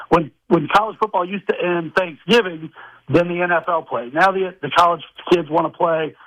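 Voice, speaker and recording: A man calls in to a sports show and argues his point firmly. His voice is bright and a bit high, and it comes across dry and close. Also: no echo, poor audio. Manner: firm, argumentative. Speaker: radio call-in caller. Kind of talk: phone-in sports argument.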